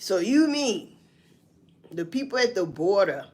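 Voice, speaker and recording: Brief: woman livestreamer, animated and profane, voice swinging high and low. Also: unhurried, long pauses. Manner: animated and profane, mocking news quotes, laughing, swinging from loud to mutter. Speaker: livestream host. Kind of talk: live-stream commentary reading news.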